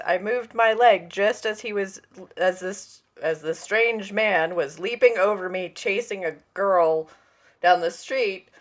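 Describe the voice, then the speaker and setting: A woman's voice: medium pitch, a bit bright. Chatty woman in her forties telling stories. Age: 40s. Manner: anecdotal storyteller, acts out quoted voices. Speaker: podcast co-host. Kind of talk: casual chat.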